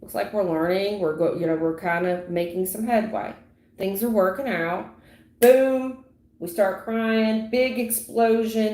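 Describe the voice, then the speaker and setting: Woman reading tarot live, mid pitch, dramatic and repetitive, echoey room. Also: darkish tone. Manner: dramatic, repetitive, full of sound effects. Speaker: tarot reader.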